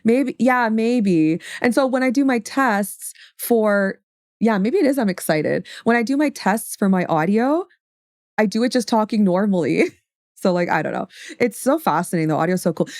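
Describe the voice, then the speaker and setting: A woman's voice: mid-range voice, animated, normal speed, a little mellow, dry recording. A young woman hosting a casual livestream, rambling and chatty with a mid-range voice and casual swearing, close on a studio microphone. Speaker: livestream host. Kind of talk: casual stream chat. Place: home streaming setup. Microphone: studio XLR microphone.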